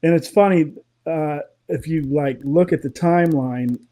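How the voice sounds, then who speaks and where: A man, a guest in a casual interview, telling animated, opinionated stories and laughing often. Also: on the high side, measured pace.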